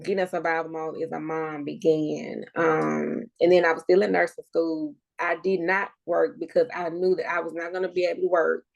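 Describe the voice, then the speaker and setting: A woman with a low, gravelly voice speaks in an emotional, personal conversation. She is in her thirties and sounds close to tears as she opens up. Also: flat delivery, moderate pace, hardly any pauses, highs cut off. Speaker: podcast guest.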